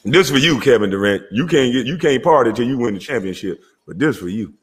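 A man with a Southern US accent hosting his own show in a loud, animated, profane rant, often laughing as he talks. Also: medium pitch, fairly quick, breathy edge, in a large hall. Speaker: show host.

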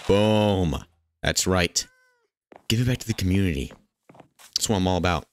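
A man giving casual, jokey commentary while playing a video game, with excitable outbursts and playful chatter aimed at the game's characters. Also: deep voice, normal speed. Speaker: gaming channel host.

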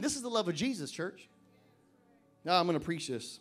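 A man with a very high voice preaching to his church. He swings from loud emphatic declarations to quiet joking asides, and he slows right down to read scripture with weight. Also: lively intonation, soft background music. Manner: reads scripture slowly and deliberately. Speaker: pastor. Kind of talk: sermon. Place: church service.

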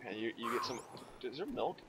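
A young man narrates his game in a loose, casual way, cursing freely and yelling at whatever gets in his way. His voice sits in the middle of the range. A clear hiss of background noise runs under the recording. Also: mid-range voice, brisk. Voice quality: profane, excitable, shouts at enemies. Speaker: let's play gamer. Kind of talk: casual gameplay commentary.

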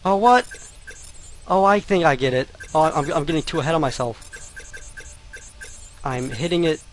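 A man's voice: a little high, moderate pace. A man commentating his own gameplay, often muttering to himself and exclaiming in frustration. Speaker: let's play gamer.

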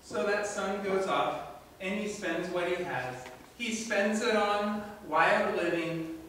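Pastor guy preaching, high bright voice, lots of echo, sounds far from the mic. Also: takes it slowly, slight background noise. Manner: animated storytelling, asks the congregation questions. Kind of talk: sermon. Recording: echoey room from far off.

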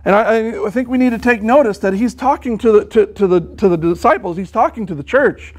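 Earnest male preacher with a high voice, sermon delivery full of restarts. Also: a little fast. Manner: earnest, repeats words and restarts often; quotes scripture at length.

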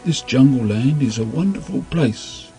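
A man voicing a newly made, simple-minded male snowman who talks in a slow, halting, puzzled way. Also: fairly low pitch, dark tone, faint music behind. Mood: delighted.

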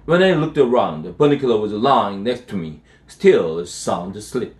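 A man, an English teacher, reading a children's novel aloud, halting and often restarting words. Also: fairly low pitch, animated. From South Korea. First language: Korean.

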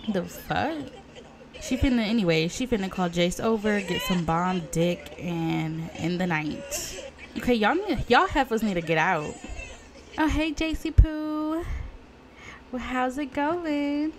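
A woman giving casual, profane commentary on her life-sim game, gasping and reacting loudly. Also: a little high, animated, takes it slowly, noisy background. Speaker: let's play gamer.

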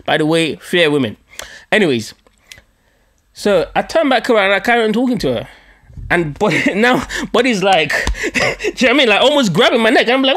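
A man hosting a podcast, telling a story in a casual, profane, self-mocking way. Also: on the high side. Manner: animated, profane, laughing at himself. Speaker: podcast host.

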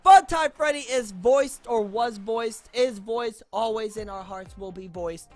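A woman's voice: on the high side, a little slow, darkish tone, no room sound, soft background music. A woman from Boston, a YouTuber, giving playful, rambling commentary while showing character voices in a game. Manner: playful and rambling, with frequent laughs.

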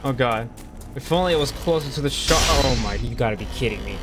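A young male gamer narrating a horror game, easily spooked and talking straight to his viewers. His voice sits at an ordinary pitch. Loud game music plays behind him. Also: expressive, quick pace. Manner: jumpy, easily scared, talks to viewers. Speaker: gaming video host. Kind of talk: let's play commentary.

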